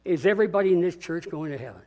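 An older man preaching a sermon as pastor, earnest and swinging between quiet reflection and rousing call-and-response. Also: fairly high pitch, expressive, rapid-fire.

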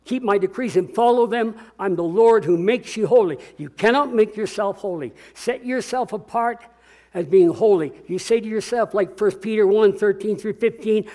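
Preaching as pastor at a moderate pace, an older man with a voice that sits high swings earnestly from quiet, reflective moments to stirring call-and-response.

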